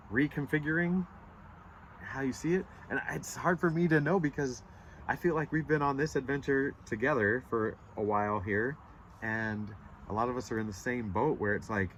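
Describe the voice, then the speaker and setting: An earnest man rambling through a spiritual tarot reading out in nature, restarting his sentences and pausing to find words. He sounds choked up, with a stuffy nose from holding back tears. A faint hum of outdoor sound and passing traffic stays behind him. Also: lowish voice, fairly bright tone. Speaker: tarot reader. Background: birds and passing vehicles.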